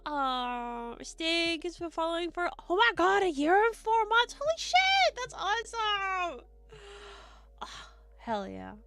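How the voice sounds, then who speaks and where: Young woman streamer, high bright voice with gravelly fry, giggly, effusive, casual chat over faint music. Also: sing-song, slow, no room sound. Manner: giggly, effusive, swears freely. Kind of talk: casual live-stream chat reading viewer messages.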